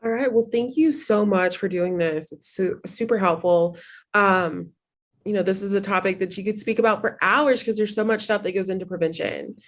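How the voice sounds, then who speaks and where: Friendly woman organizer on a video call. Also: mid-range voice. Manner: friendly, quick with praise and fillers. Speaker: webinar organizer. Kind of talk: casual thanks on a video call.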